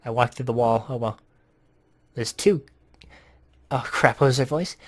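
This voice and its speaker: A man casually commenting while playing a story game, with quiet muttered asides. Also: medium pitch, a little slow, pauses often, slightly rough. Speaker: let's play host.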